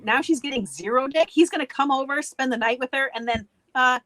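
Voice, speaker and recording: A woman co-hosting a casual gossip chat, quick and emphatic as she agrees and riffs along. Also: high-pitched, bright, forceful tone, dry recording, low-quality recording. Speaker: co-host.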